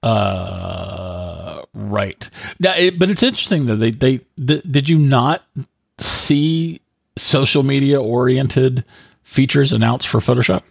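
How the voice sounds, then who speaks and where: A man's voice: mid-range voice, animated, slow, creaky, no echo, clean studio sound. A man hosting a podcast, chatting casually with a joking, teasing manner and reading his own sponsor spots. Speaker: podcast host.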